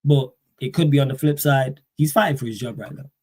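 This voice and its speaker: Man, livestream football pundit, casual slang, animated rant, rhetorical questions, mid-range voice. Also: medium pitch, fairly quick, husky. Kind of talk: casual live-stream rant.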